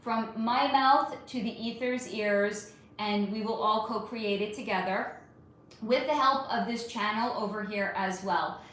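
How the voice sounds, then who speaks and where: A woman's voice: mid-range voice, a little slow, fairly bright tone. Chatty woman in an echoey room. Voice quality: chatty, frequent swearing, calls viewers honey. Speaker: livestream host. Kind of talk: casual live-stream chat reading comments. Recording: very echoey room, faint background hum.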